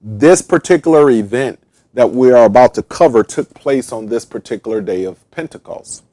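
A man's voice: mid-range voice, lively intonation, moderate pace, dark tone, no echo. Emphatic male Bible teacher, dry sound. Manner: repetitive, emphatic preaching with fillers. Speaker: pastor. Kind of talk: Bible study sermon.

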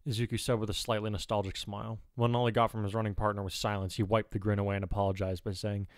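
A man reading fan fiction aloud in a steady, measured narration. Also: fairly low pitch, clean tone, no room sound, clean studio sound. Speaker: audiobook narrator.

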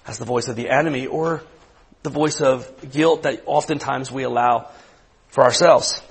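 A man's voice: mid-range voice, fairly even intonation, moderate pace, slightly rough, rough recording. A man in his late thirties, a youth pastor, preaching a conversational sermon to students, repeating words and asking the room questions. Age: 30s.

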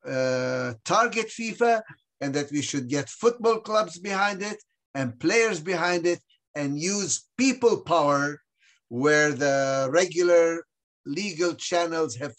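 Guy w a pretty high voice running a webinar over a call, lots of uhs, careful and measured. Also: fairly bright tone. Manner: hesitant, many uhs. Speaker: webinar moderator. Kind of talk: measured commentary.

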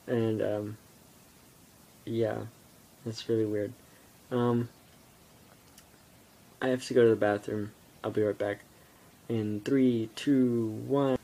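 Teenage boy vlogger, easygoing slow delivery, rambling with lots of fillers, recorded on an iPod at home. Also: on the low side, steady tone, dark tone. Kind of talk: casual rambling vlog. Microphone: iPod camera.

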